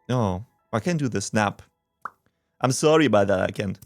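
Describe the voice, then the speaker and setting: Male game streamer, crude and jokey, animated pitch, dry close mic, faint music behind. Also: moderate pace, no echo. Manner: joking, crude, laughing. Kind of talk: casual game commentary.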